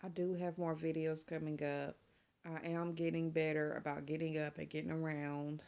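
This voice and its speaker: A middle-aged woman talks casually to her viewers, chatty and openly emotional. Her voice sits on the low side with a gravelly, creaky edge. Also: level tone, moderate pace, darkish tone. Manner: chatty and emotional, saying y'all. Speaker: vlogger. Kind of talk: casual chat to camera.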